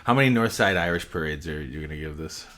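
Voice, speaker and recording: A man's voice: very deep voice, lively intonation, fast, a bit bright. A man co-hosting a podcast in casual chat, rambling along with lots of "like" and "you know.". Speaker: podcast co-host.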